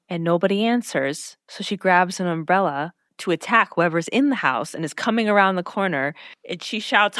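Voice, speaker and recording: On a studio-quality recording with no room sound, a woman co-hosting a podcast gives a casual rundown of a TV episode. Her voice sits on the low side and moves at normal speed. She tells the story with energy, performing the quotes of the characters.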